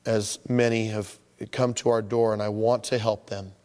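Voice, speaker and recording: A man's voice: lowish voice, normal speed, long reverb tail. A man preaching a sermon, acting out the voices of people who complain about their troubles. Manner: animated, acts out voices of complainers. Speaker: pastor.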